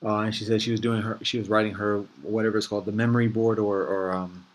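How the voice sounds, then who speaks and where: A man's voice: on the low side, flat delivery, quick pace. A man hosting a casual reflective monologue, thinking aloud in a meandering, easygoing way with frequent restarts and conversational slang. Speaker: host.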